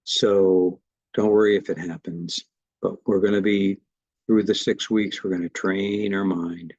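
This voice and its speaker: A man teaching a meditation class, guiding the breath practice in a gentle, reassuring way. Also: deep voice, fairly even intonation, measured pace, slightly rough, no echo, dull audio. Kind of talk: guided meditation instruction.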